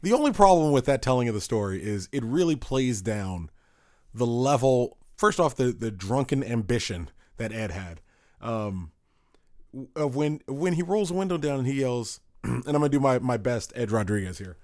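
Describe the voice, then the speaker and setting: A male podcast co-host with a medium-pitched, slightly mellow voice and lively intonation tells stories at a moderate pace, rambling, interrupting himself and laughing at his own tales. It's a casual storytelling chat, recorded with studio quality and no room sound.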